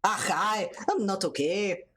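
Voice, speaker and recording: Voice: medium pitch, unhurried, a bit bright, a little hiss or hum, voice pushed up, natural voice. A streamer putting on a young guy with a wobbly fake Irish lilt. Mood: shaken. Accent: put-on Irish-Scottish. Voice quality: sing-song put-on brogue. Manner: exaggerated and playful.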